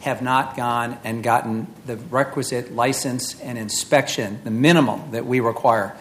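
A man serving as a city official, speaking in a measured way at a hearing and insisting on his point when interrupted. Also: mid-range voice, steady tone, a bit bright.

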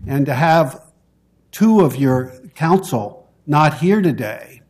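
A man giving formal public testimony at a city council hearing, speaking in a measured, deliberate way and pausing between phrases. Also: on the high side, expressive, darkish tone.

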